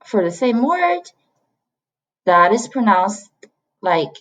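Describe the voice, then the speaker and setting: Teaching Chinese online, a woman from China whose first language is Mandarin demonstrates each sound by repeating it, slow and patient with her learners. Her mid-range voice is very animated and fairly bright, but the recording is muffled.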